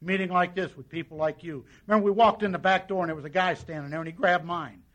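A man with a notably high-pitched voice speaks to a meeting audience as he shares his own recovery story. He tells it in a folksy, conversational way and keeps acting out the dialogue of the people in it. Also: fairly even intonation, quick pace, fairly bright tone. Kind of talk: personal testimony to an audience.

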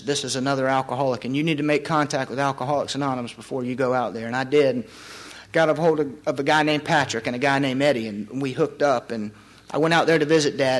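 A young man telling his personal recovery story at a meeting, in an earnest, halting way with frequent pauses. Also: on the high side. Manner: halting, many fillers and restarts, earnest.

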